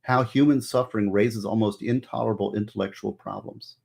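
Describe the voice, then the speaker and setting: A man's voice: lowish voice, steady tone, a little fast, vocal fry, a little mellow, husky. A middle-aged man, a former prosecutor, giving earnest advice in casual talk, lecturing with many restarts. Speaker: former juvenile prosecutor, guest.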